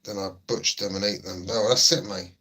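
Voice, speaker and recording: This middle-aged man hosts a relaxed livestream chat, reading comments and responding to viewers in easygoing banter, often repeating things. His lowish voice is husky, pushed and bright, with a steady tone and a brisk pace.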